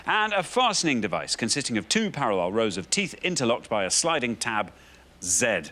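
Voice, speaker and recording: A man's voice: mid-range voice, big pitch swings, a little fast, bright, forceful tone. A man hosting a television quiz show, reading clues aloud in a playful manner in a studio.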